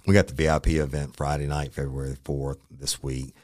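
Fairly quick and a little mellow, his very deep voice stays flat as he spins a profane, laughing tale on his podcast. The middle-aged former detective from Louisiana acts out the quotes casually, and the studio recording is clean with no echo.

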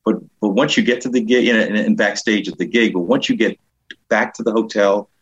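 A middle-aged man, a comedian being interviewed, telling lively anecdotes and jumping up in pitch to mimic the people he quotes. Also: brisk, slightly rough. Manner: animated anecdotes, jumps high to act out quoted people. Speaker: comedian and author, guest. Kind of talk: casual storytelling interview. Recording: dull lo-fi sound.

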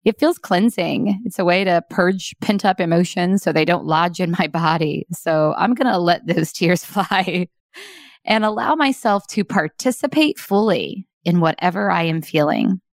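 A middle-aged woman hosting a daily encouragement show, speaking in a heartfelt, reflective way with soft laughs, often slowing down to savor a line. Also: lowish voice, no echo, clean studio sound. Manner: heartfelt, laughs softly, slows to savor lines. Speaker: host of a daily encouragement podcast. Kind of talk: warm reflective monologue, partly read.

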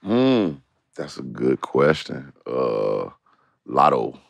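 A rapper guest in casual podcast chat, laid-back and slangy. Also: male voice, extremely low pitch, sing-song, drawn-out words, creaky, dry recording.

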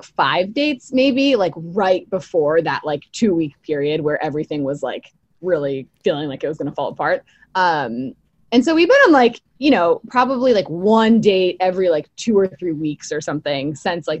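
A young woman telling a long personal story in casual chat, full of fillers and quick laughs. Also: fairly low pitch, no room sound, muffled recording. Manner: chatty, many fillers, laughs easily. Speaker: podcast guest.

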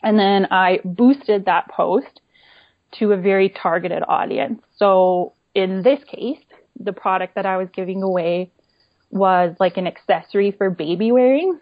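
A woman's voice: mid-range voice, unhurried, no room sound. A woman, a small shop owner, explaining her approach in a casual interview, with lots of "you know" and "right?" tags. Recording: dull, lo-fi dry remote audio.

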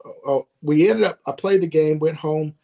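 A man's voice: on the high side, moderate pace, dark tone. A middle-aged man as an interview guest, telling stories earnestly with small chuckles and frequent "right?". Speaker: guest, former ballplayer. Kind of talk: casual interview storytelling.

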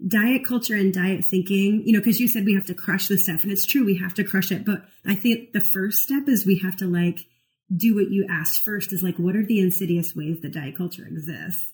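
A woman's voice: medium pitch, a little fast, a little mellow, low-quality recording. A woman who counsels clients, co-hosting a casual chat and explaining ideas animatedly, with many "like"s and "you know"s. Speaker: therapist and podcast co-host.

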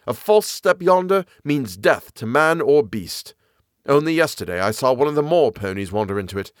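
A man voicing an eager, knowledgeable naturalist man who explains the moor with lively enthusiasm. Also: mid-range voice, normal speed, no echo, clean studio sound, pitched above the performer's own voice, lightly acted. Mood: explaining.

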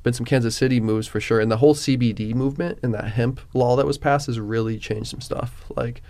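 A man's voice: mid-range voice, fairly quick. Rambling laid-back male podcast host. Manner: relaxed, rambling with many fillers. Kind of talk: casual chat.

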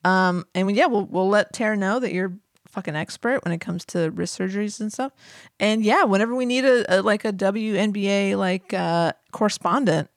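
A woman co-hosting a podcast in casual chat, enthusiastic and quick to laugh as she thanks listeners. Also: medium pitch, no room sound, studio quality. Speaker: podcast co-host.

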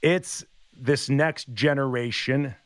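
A man's voice: mid-range voice, slow, no room sound. A man in his fifties, a former hockey player, telling stories in a casual chat and acting out the quotes. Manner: animated storyteller acting out quotes.

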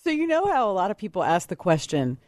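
A woman working as a radio show producer, joining the host on air with lively, teasing banter. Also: medium pitch, fast talker, no room sound, clean studio sound. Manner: laughing, animated, teasing. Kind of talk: casual talk radio banter. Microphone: studio microphone.

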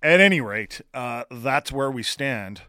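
A man's voice: mid-range voice, animated, a little slow, sharp tone, smooth, no echo. A man co-hosting a morning sports radio show, chatting through match news in a studio. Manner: conversational, explains match news with fillers.

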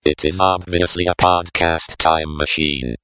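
A man putting on a deep, slow, flat robot voice in a podcast skit. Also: a little hiss or hum. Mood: deadpan.

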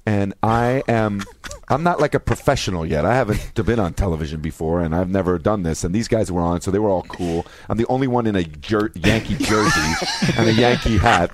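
A man with a low voice tells a story as a podcast guest. His pitch swings widely as he gets excited, and at times he bursts into shouts. He is recorded on a studio mic. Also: a little hiss or hum. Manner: excitable, shouts when reenacting. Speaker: guest actor. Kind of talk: animated storytelling.

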